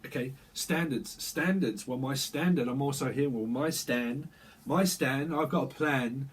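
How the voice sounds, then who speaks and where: A man's voice: medium pitch, measured pace, slightly rough, rough recording. A man giving a casual, rambling tarot reading, chatty and prone to breaking into snatches of song. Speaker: tarot reader.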